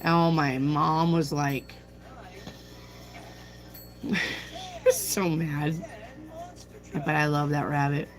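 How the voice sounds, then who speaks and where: A woman chats casually on a tarot livestream, telling a story and reading out comments from her viewers. Her voice sits a little low, and she takes her time. Her talk is loose and unhurried. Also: little pitch movement, soft background music, low-quality recording. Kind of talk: casual chat with live chat.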